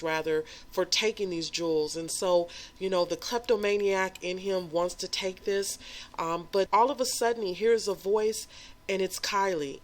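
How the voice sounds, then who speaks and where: A woman hosting a gaming channel, narrating a life-sim game story in a rambling way with constant fillers. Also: medium pitch. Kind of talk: let's play narration.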